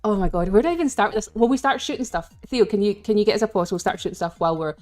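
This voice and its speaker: A woman's voice: medium pitch, rapid-fire, a little mellow, faint music behind. Chatty Scottish woman streamer. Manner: chatty and giggly, greets viewers, rambling asides. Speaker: game streamer. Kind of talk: casual live-stream chat.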